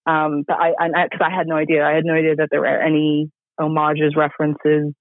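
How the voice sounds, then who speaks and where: A man's voice: on the high side, completely flat delivery, a little fast, no room sound. A man reviewing a film in casual podcast chat, enthusiastic and rambling with many fillers. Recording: tinny phone-like line.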